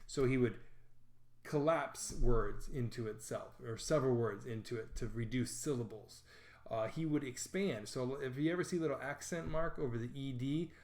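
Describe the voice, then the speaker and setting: A man's voice: mid-range voice, roomy sound. A man explaining literature in a conversational, self-deprecating way with frequent fillers, like a casual teacher.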